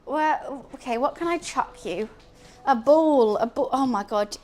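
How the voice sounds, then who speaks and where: A woman's voice: high-pitched, unhurried, a little mellow, slight background noise. A woman streaming as she cooks, chatting in a scattered, casual way and talking to her cat. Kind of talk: casual cooking stream chat.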